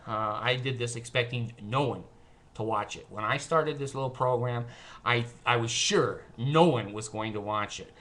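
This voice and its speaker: A man's voice: medium pitch, normal speed, fairly bright tone. An older retired man talking to his camera in a rambling, sardonic monologue, telling stories and laughing at his own jokes. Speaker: vlogger. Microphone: camera mic.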